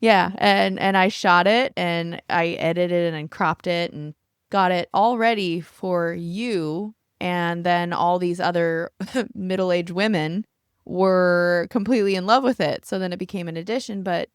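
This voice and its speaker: A woman's voice: fairly low pitch, measured pace, clean tone, no echo, clean studio sound. A woman co-hosting a podcast on a yacht, chatting casually and acting out quotes with laughs. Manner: animated storytelling, acts out quotes, laughs often. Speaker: podcast co-host and photographer. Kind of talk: casual chat. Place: aboard a family yacht.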